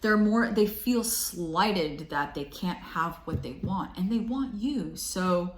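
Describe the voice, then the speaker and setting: Woman reading tarot, kinda rambly, keeps restarting, low voice, roomy echo. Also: animated, takes it slowly. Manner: meandering and chatty, trailing off and restarting. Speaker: tarot reader. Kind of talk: casual tarot reading to camera. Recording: echoey room.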